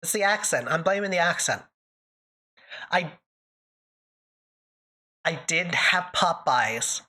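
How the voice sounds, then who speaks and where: A woman's voice: lowish voice, expressive, takes it slowly, bright, forceful tone. A woman streamer from Canada in casual live chat, playful and self-mocking, laughing often.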